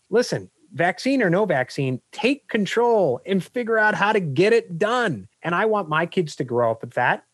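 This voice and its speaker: A middle-aged man, a business coach and guest, talking in an energetic, emphatic way full of anecdotes. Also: high-pitched, moderate pace, hardly any pauses, no echo, clean studio sound. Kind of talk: interview answers.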